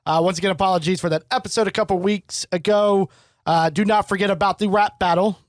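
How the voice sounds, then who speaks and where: A man in his twenties co-hosting a podcast, chatting casually and telling animated, profane stories. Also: sits high, fast, dry recording, studio quality. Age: 20s. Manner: animated storyteller, swears freely. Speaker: podcast co-host. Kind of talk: casual chat.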